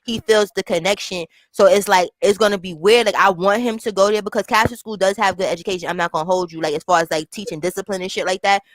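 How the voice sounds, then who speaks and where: A woman's voice: mid-range voice, fairly even intonation, quick pace, few pauses, dry recording. Dry-sounding woman in slangy casual chat. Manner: slangy, keeps asking "you understand?".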